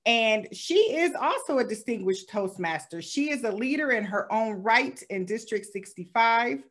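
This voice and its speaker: A woman's voice: a little high, lively intonation, normal speed. Woman host introducing a guest. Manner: warmly appreciative, introducing speakers formally. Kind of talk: hosting a talk show.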